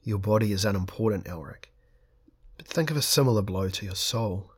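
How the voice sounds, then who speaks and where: Arioch, a cold demon lord, as a husky man reads him. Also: lowish voice, a little fast. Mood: menacing. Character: angry male demon lord of Chaos, proud and cruel.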